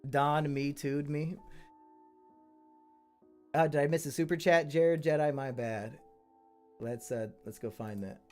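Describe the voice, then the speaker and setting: A man's voice: a little high, a little slow, pauses often, a little mellow, soft background music. A man hosting a live stream, reading out viewer stories and commenting to the chat in a blunt, crude, freely swearing way. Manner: chatty asides to the chat.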